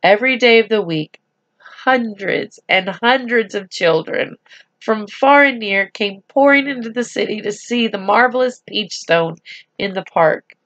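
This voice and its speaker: A woman reading a storybook aloud to children, speaking slowly and gently and adding chatty asides to them. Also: a little high, dull audio.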